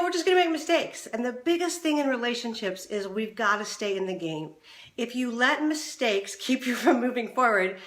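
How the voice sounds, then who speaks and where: A middle-aged woman hosting a relationship advice show, talking straight to the viewer and acting out the voices she quotes. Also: roomy sound. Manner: animated, acts out quoted voices with big pitch swings. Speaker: relationship coach and show host. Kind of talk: direct-to-camera advice talk.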